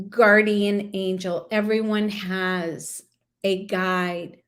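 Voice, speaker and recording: A woman doing a live angel card reading, speaking to her viewers in a soothing, affirming way. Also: medium pitch. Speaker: intuitive card reader.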